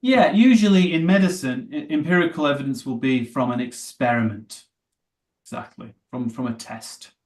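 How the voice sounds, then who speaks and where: A man's voice: mid-range voice, normal speed. A man teaching an English vocabulary class, asking students questions and encouraging them. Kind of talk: live online class.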